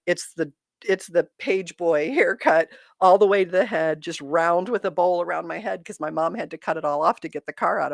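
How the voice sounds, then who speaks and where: A woman's voice: low-pitched, vocal fry, no echo, clean studio sound. A woman in her fifties from Michigan, hosting a casual livestream, reading viewer comments and telling childhood stories, laughing often. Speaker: livestream host reading chat. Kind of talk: casual chat.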